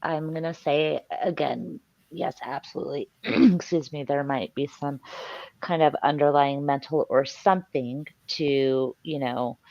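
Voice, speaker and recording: A woman's voice: low voice, fairly even intonation, unhurried, dark tone, no room sound, muffled recording. A woman who runs her own channel, speaking frankly in a casual online chat, with hesitations and fillers. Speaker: YouTube channel host.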